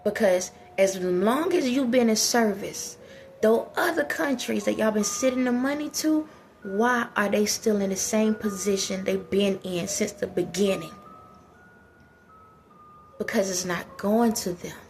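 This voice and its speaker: A woman's voice: medium pitch, measured pace, faint music behind. A woman, delivering a heated casual monologue full of repeated rhetorical questions. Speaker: vlogger.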